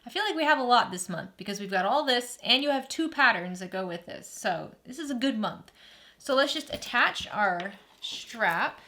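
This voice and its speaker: A woman's voice: on the high side, animated, moderate pace, bright, forceful tone. A woman hosting a sewing tutorial, giving friendly, practical step-by-step instructions while she works at her machine.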